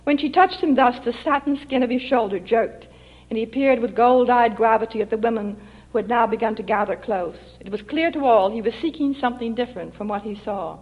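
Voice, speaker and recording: A woman's voice: on the high side, a little fast. Author reading her story on old tape. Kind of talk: public reading of a short story. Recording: dull lo-fi archival recording.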